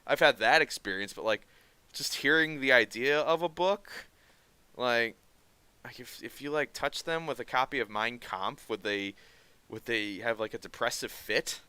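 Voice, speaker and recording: A man chatting casually on a stream, sarcastic and animated, laughing often as he talks. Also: mid-range voice, normal speed, smooth, no room sound.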